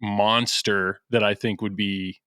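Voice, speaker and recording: A man's voice: on the low side, level tone, takes it slowly, pushed and bright, smooth, no room sound, clean studio sound. A man from the American Midwest, a podcast guest in casual chat, talking in an earnest, self-deprecating way and laughing easily.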